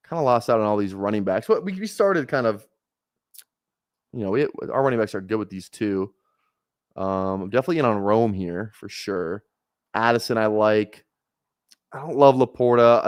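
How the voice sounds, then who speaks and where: A man's voice: lowish voice, darkish tone, no room sound, studio quality. A man casually rambling on a live stream while drafting fantasy football, talking loosely with filler words and the odd curse. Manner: laid-back rambling with frequent laughs and swearing.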